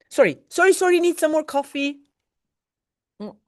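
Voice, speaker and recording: A woman's voice: high voice, very animated, measured pace, no room sound, clean studio sound. A woman teaching a book-club lesson, reading a novel and translating it phrase by phrase, explaining words and correcting herself.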